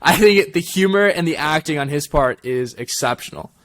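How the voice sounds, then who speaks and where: A man's voice: fairly high pitch, a little fast. Laughing, rambling man reviewing a show. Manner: laughs often, animated and rambling. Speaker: co-host. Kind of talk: casual review chat.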